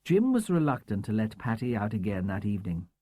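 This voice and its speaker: Reading a crime novel for an audiobook, a man delivers scripted narration with measured, expressive storytelling. His pitch is fairly low, and no room sound is audible.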